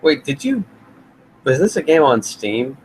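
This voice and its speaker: A man's voice: fairly high pitch, sing-song, a little slow, slight background noise, low-quality recording. A man co-hosting a podcast, chatting casually and questioning his friend's story. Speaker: podcast co-host. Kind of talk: casual chat.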